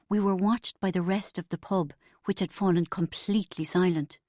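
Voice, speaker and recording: A woman's voice: fairly low pitch, moderate pace, few pauses, dark tone, no room sound, studio quality. A woman reading a comic novel aloud as an audiobook narrator, in a wry storytelling manner.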